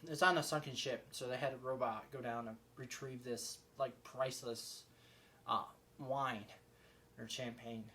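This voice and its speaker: A man giving a casual, rambling spoken movie review, excitable and full of fillers and restarts. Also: mid-range voice, normal speed, slight background noise.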